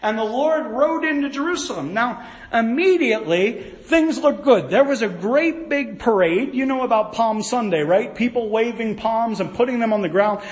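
A man preaching a sermon, folksy and animated, with storytelling asides. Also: extremely high pitch, normal speed, reverberant, low-quality recording.

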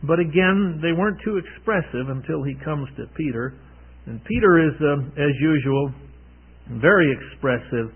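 A man preaching a conversational Bible teaching, retelling the scene with warm asides on a tinny radio broadcast. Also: a little high, expressive, moderate pace, slightly rough.

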